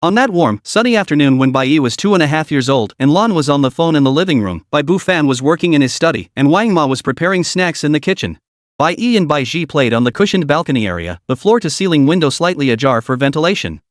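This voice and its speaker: A man narrating an audiobook story in an animated reading style. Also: on the high side, quick pace, no echo, clean studio sound.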